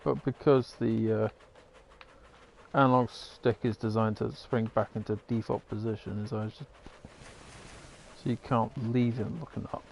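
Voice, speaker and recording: A man's voice: on the low side, flat delivery, a little slow, gravelly, long pauses, a little mellow, slight background noise. A man giving rambling, casual commentary while playing a game, swearing now and then. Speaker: gamer.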